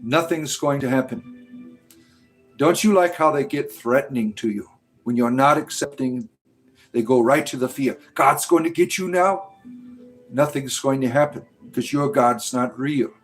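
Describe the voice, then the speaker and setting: A man's voice: mid-range voice, a little slow, soft background music. A man hosting a livestream in casual chat, talking back to his viewers in a sarcastic, scornful way. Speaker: livestream host answering chat.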